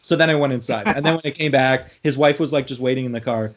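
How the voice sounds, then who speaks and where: A man's voice: mid-range voice, fast talker. Rambling young man telling a story. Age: young adult. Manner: rambling storyteller, swears, many restarts. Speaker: podcast host. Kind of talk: casual chat.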